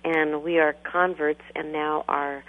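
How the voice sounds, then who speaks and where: A woman's voice: sits low, flat delivery, a little slow. A woman calling in to a radio show, polite and earnest, with frequent hesitant ums. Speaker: caller. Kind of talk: phone call to a radio show. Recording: tinny phone line.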